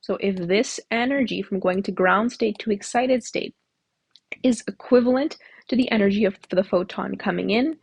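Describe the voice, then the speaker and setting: Woman tutor, husky and dry, explaining step by step with rhetorical questions. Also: medium pitch, darkish tone, no room sound. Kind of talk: whiteboard lecture.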